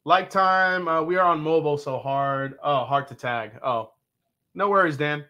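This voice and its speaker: A show host on a live whiskey-tasting stream talks at normal speed in a fairly high, sharp-toned voice. He's full of jokes and swearing, and he reads viewer comments aloud.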